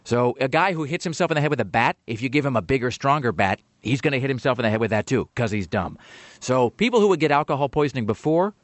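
A man's voice: mid-range voice, lively intonation, fast, no room sound. A man hosting a talk radio show, rambling and sardonic, dismissive about the topic. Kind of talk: casual talk radio banter.

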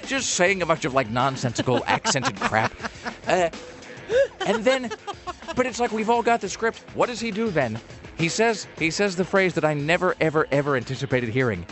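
A man's voice: a little high, expressive, fairly quick, a bit bright, soft background music. A man casually telling a long story on a podcast, rambling with lots of fillers and restarts.

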